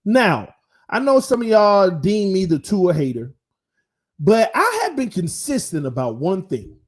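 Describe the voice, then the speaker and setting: Dude hosting a sports stream, high voice that jumps all over, slangy and chatty. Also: male voice, a little slow. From Florida. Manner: animated, talks straight to viewers, slangy. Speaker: sports channel host. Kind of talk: casual live-stream sports talk.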